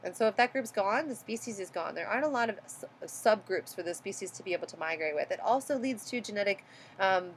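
A woman talks through a recorded lecture in an everyday mid-range voice, loose and conversational, tossing in "right?" and pausing with "um" as she corrects herself. A faint hiss of noise sits under her voice. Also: medium pitch, expressive. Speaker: biology lecturer.

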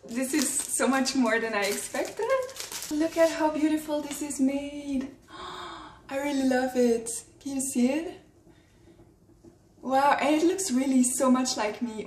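A woman chatting excitedly through a casual unboxing vlog at home, often gasping and exclaiming. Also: a little high, distant mic. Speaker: vlogger. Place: room at home. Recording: roomy, from the mic, faint noise.

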